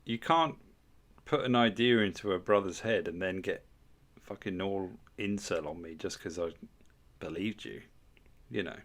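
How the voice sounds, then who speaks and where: Low-voiced man, crude livestream banter. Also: a little slow, pauses often, fairly bright tone. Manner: crude, swearing, mock-outraged banter with chat. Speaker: livestream host.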